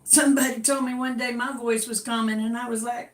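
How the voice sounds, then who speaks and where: A woman's voice: fairly high pitch, flat delivery, brisk. A woman with a Southern drawl, chatting casually and effusively on a livestream from home. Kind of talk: casual chat. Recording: echoey room.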